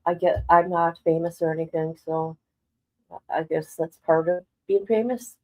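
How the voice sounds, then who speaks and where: A woman's voice: fairly low pitch, steady tone, a little slow, a little mellow, poor audio. A middle-aged woman chatting casually on a live stream as a commentator, rambling and emotional, often breaking into exclamations.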